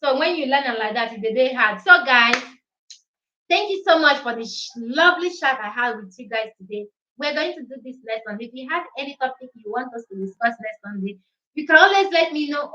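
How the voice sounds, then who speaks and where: A woman's voice: sits high, expressive, fairly quick, pushed and bright, echoey room, highs cut off. A Nigerian woman whose first language is Igbo, hosting a casual live-stream chat and mixing English, Pidgin and Italian in a chatty way.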